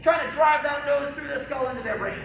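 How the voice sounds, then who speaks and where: A martial arts instructor teaching a live-streamed kids' class in a studio, calling out sharp commands and joking between drills. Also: high-pitched, brisk, creaky, far from the mic, a little hiss or hum. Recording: very echoey studio heard from afar.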